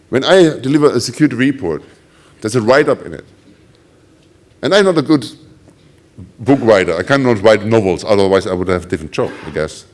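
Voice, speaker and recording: A middle-aged man with a German accent giving a conference talk, telling ironic stories and acting out the quoted voices of others. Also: medium pitch. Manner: animated, ironic storytelling with acted quotes. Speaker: conference speaker.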